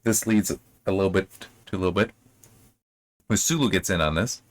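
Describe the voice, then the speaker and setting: A man's voice: low voice, normal speed. A man giving a casual, rambling commentary as a book reviewer, thinking aloud.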